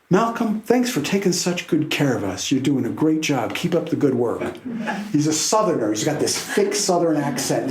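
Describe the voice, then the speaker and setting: A man, a podcast guest and keynote speaker, telling a story in a lively way and laughing now and then. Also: mid-range voice, roomy sound, rough recording.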